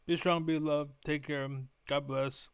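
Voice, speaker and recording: Young guy ranting and swearing about a game, smooth clear voice, dry close sound. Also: on the high side, flat delivery, a little slow, no echo. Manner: profane, ranting, repetitive. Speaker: gaming vlogger. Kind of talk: angry rant to camera.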